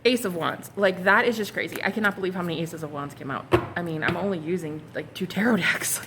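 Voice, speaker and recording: A young woman doing a casual tarot reading, excitable and flustered, swearing casually and calling her viewers honey and girl. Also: on the low side, fast, background noise. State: flustered and hot. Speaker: tarot reader.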